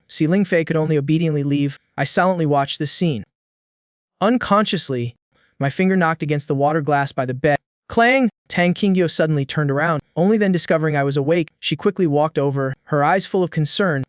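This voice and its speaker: Smooth-voiced male story narrator. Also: on the high side, fairly quick, dry recording, studio quality. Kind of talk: first-person audio story recap.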